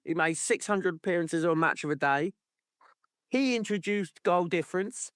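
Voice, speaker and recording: A man's voice: high-pitched, normal speed, a bit bright, clean tone, dry recording, clean studio sound. A man co-hosting a podcast in casual chat, playful and sardonic, with chuckling asides. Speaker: podcast co-host.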